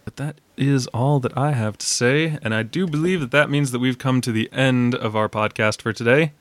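A man's voice: medium pitch, moderate pace, no room sound. A young man hosting a casual film podcast, chatty and self-mocking, laughing often. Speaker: podcast host.

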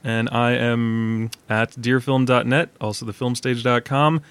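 A man's voice: medium pitch, flat delivery, measured pace, fairly bright tone, clean tone. A young man hosting a casual film podcast, chatty and self-mocking, laughing often. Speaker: podcast host.

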